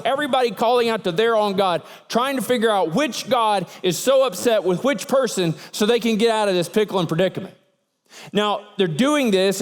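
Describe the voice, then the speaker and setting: A man preaching a sermon, telling the story in an animated way and acting out the sailors' lines. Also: high-pitched, in a large hall. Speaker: pastor.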